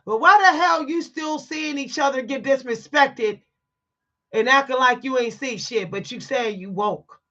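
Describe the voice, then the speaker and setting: High bright-sounding woman going off about a story, blunt and preachy, kinda muffled lo-fi audio. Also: measured pace. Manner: blunt, emphatic and preachy, often stressing words. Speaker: vlogger. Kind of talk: candid storytime monologue to viewers.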